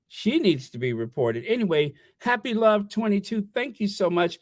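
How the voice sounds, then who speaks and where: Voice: medium pitch, animated, moderate pace, few pauses, dry recording, clean studio sound. A livestream host chatting casually, rambling and stammering while reading viewer messages aloud.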